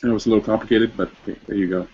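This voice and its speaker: A man with a husky, slightly rough voice hosts a casual livestream, chatting loosely and rambling with plenty of filler words. He talks into a webcam on a video call, and the audio comes through dull and lo-fi. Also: on the low side, steady tone, rapid-fire, dark tone. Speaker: host.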